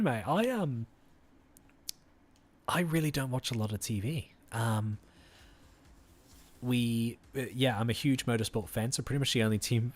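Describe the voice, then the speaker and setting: A tired man chatting casually with viewers while streaming a game, easygoing and friendly. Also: medium pitch. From Australia. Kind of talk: casual live-stream chat.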